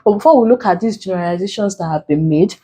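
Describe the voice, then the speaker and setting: Nigerian lady tutor going over word stress for an exam, slow and careful, says key words twice, mid pitch. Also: mellow, breathy edge. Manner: explains slowly, repeats key terms, counts syllables aloud. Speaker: English tutor. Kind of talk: exam prep lesson.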